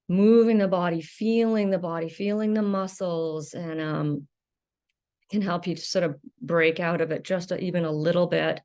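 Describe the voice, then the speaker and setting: A woman hosting her own channel, talking gently to camera with many pauses and fillers, offering warm reassurance. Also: lowish voice, clear, resonant tone. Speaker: channel host. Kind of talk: casual talk-to-camera advice.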